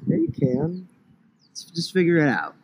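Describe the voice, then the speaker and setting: A man's voice: on the high side, big pitch swings, normal speed, husky, poor audio. A man hosting a podcast in casual, joking chat, outdoors in a park. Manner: laid-back, joking. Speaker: podcast host. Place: outdoors in a park, on a grassy slope.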